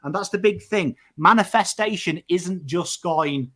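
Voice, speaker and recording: An English man talks on a casual podcast with a fairly high voice. He is animated and swears freely, often tossing in "right?" as he goes. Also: a little slow. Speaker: podcast host. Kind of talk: casual chat.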